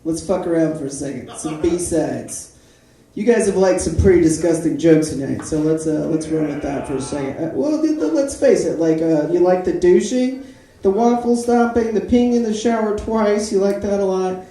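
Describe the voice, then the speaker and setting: An animated stand-up comedian on a club stage, breaking into character voices and jingles in the middle of the set. The voice sits in the middle of the pitch range. It sounds distant from the microphone, with a heavy echo filling the room. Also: moderate pace. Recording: echoey room, mic from a distance.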